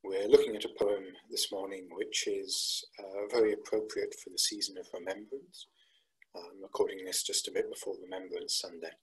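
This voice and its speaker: A man speaks in a measured, earnest way as he introduces a poem for his church audience. His voice sits on the low side. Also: little pitch movement, breathy edge, rough recording. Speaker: church poetry presenter. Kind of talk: reflective talk introducing a poem.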